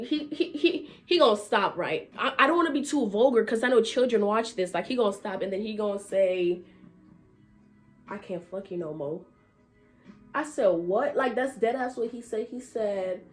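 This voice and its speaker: A young woman, telling a candid story time to her viewers with lots of laughter. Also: on the high side. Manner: laughing often, animated and candid, slangy. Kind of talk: casual storytime chat to viewers.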